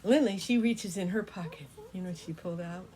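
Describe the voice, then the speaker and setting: Gentle folksy older woman storyteller. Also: lowish voice, fairly quick. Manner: gentle, folksy, with fillers like "kinda" and "you know". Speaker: grandmother storyteller. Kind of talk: improvised bedtime story narration.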